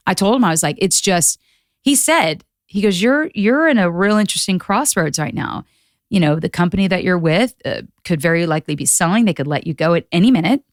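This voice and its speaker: Animated woman telling a story. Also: lowish voice, dry recording, studio quality. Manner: animated storyteller acting out quotes. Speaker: podcast guest. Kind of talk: casual chat.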